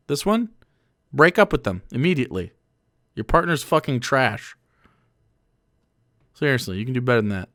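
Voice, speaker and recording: A man's voice: mid-range voice, big pitch swings, moderate pace, long pauses, fairly bright tone, no echo, studio quality. A man streaming and reacting to a video, rambling and profane, with frequent restarts. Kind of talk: casual reaction commentary.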